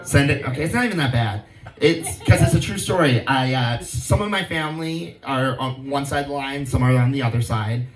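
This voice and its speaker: A man's voice: medium pitch, a little fast, far from the mic. A man from Hawaii doing a stand-up comedy set, telling stories in a laid-back way and acting out the people he quotes in raised voices. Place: outdoor venue with a live crowd. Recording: echoey, from off-mic, audible crowd.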